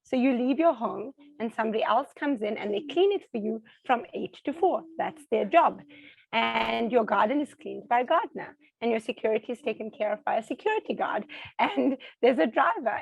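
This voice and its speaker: A woman with a South African accent, speaking casually at home as an interview guest. Her voice is on the high side, with a gravelly, husky texture. The sound is dry and close, and she brings quoted people to life in her stories. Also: brisk, no echo, highs cut off. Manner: animated storyteller, acts out quoted voices.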